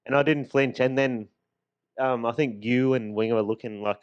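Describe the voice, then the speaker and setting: A man co-hosting a podcast, spinning a tale with easy laughs and a loose, rambling delivery. His voice sits at an ordinary middle pitch. The sound is dry and a little dull, as if it comes from a close mic in a small home studio. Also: fairly even intonation, fairly quick, clear, resonant tone, dry recording. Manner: laughing anecdote-telling, loose and chatty. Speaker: podcast co-host. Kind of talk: casual storytelling chat.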